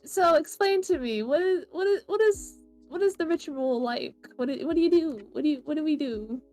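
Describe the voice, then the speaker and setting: A woman playing in a casual tabletop game, playful and laughing, asking animated questions. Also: sits high, moderate pace, faint music behind. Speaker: player. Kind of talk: casual tabletop role-play.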